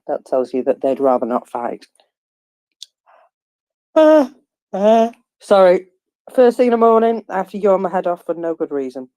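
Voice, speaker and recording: A woman's voice: deep voice, mellow, no echo, poor audio. A woman in casual live chat about war news, rambling with many fillers and restarts. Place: at home, first thing in the morning. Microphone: phone or headset in live audio room.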